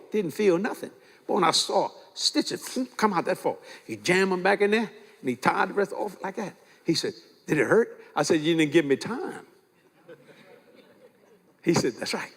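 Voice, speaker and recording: An older man preaches with a folksy, animated delivery and acts out the people in his stories. His voice sits high for a man. The sound carries the long reverb of a large church hall. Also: moderate pace. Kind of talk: sermon with storytelling.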